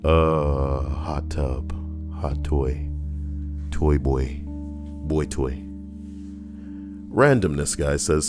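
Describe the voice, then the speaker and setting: A man's voice: rumbling low, takes it slowly, long pauses, music in the background. A man streaming, reading out comments with crude, profane jokes.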